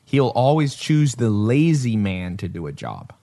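A man hosting a podcast, chatting casually and telling stories in an animated way, laughing often. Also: medium pitch, a little slow, vocal fry. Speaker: podcast host.

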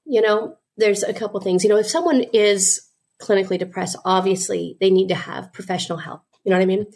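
A woman's voice: medium pitch, fairly quick, darkish tone. A woman guest and business owner telling her story earnestly, with frequent "you know" fillers. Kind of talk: candid interview storytelling.

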